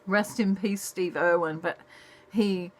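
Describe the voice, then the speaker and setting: A woman talks through a casual tarot reading in a soft, chatty manner. Her voice sits a little low, and she takes her time with each thought, speaking slowly. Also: fairly even intonation. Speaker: tarot reader.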